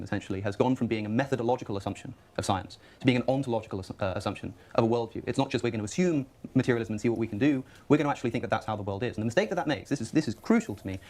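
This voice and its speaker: A man speaking as a guest on a panel discussion, acting out little anecdotes in lively voices. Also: medium pitch.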